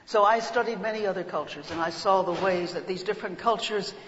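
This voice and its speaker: A woman giving a workshop lecture, telling stories with lively chants and voices. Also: medium pitch, brisk, slight background noise. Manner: animated storytelling, breaks into chants and voices. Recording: echoey hall, dull lo-fi sound.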